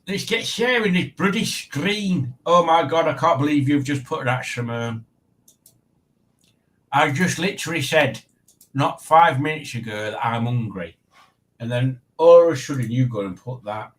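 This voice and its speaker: A man's voice: medium pitch, lively intonation, measured pace. A man hosting a casual livestream, chatting and rambling to his viewers in a self-mocking way. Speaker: livestream host. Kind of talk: casual chat.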